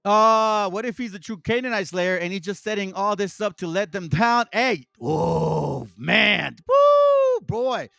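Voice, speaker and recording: A man's voice: high voice, a little slow, vocal fry, hardly any pauses, sharp tone. A man hosting an online commentary, reading passages aloud and reacting in a heated, profane rant full of stumbling restarts. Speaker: channel host.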